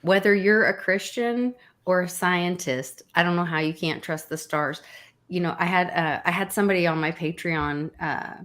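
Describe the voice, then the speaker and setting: A woman's voice: fairly low pitch, normal speed, fairly bright tone. A woman who runs her own channel, chatting casually with emphatic remarks. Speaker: online creator with a channel. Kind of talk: casual chat on a live show.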